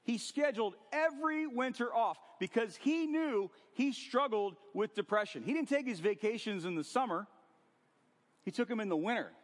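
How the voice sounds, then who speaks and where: A man preaching a sermon to a congregation, animated and conversational, acting out scenes with sudden swings in loudness. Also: very high voice, normal speed. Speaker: pastor. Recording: long hall reverb.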